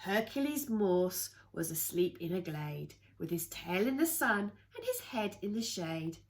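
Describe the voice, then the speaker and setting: Slow, lively woman reading a picture book. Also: on the low side. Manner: expressive sing-song rhyming read-aloud with playful asides. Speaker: children's storyteller.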